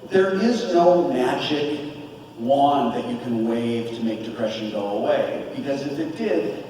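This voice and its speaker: A man's voice: a little high, a little hiss or hum. A man in his forties, a convention panel guest, speaking earnestly and openly about living with depression. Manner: earnest, open and animated. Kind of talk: candid panel talk. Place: large convention hall. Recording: echoey hall from far off.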